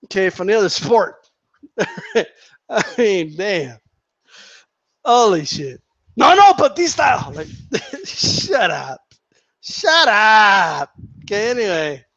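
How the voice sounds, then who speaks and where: A man with a high voice rants to his viewers, heated and mocking, swearing freely and hammering his points through repetition. The sound is dull and lo-fi. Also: sing-song, slow, pauses often, a bit bright, no room sound. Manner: heated, profane, mocking, repeats himself. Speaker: boxing commentator vlogger. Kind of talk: casual rant to viewers.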